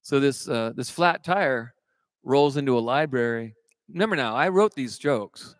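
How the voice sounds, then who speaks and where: A man's voice: medium pitch, lively intonation, moderate pace, no echo, studio quality. A man from California who is a singer-songwriter, chatting and telling self-mocking jokes between songs at a live show. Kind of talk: stage banter and joke-telling between songs.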